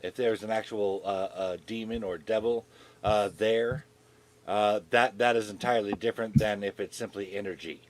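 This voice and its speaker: Stammering low-voiced male player. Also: steady tone, normal speed. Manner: stammering, repeating words.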